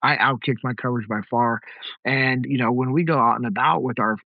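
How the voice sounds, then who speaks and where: A middle-aged man talks straight to his listeners in a relaxed, direct podcast style, telling stories from his own family life. His voice sits at an ordinary pitch. The sound is dry and a little dull, with no room echo. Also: a little fast, vocal fry. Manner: direct, conversational storytelling. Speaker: podcast host. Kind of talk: casual podcast talk.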